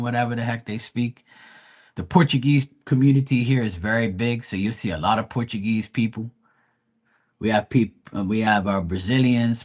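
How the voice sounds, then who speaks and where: A man from Bermuda with a Bermudian accent, chatting casually on a live stream, animated and full of slang. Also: mid-range voice. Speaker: live tarot reader.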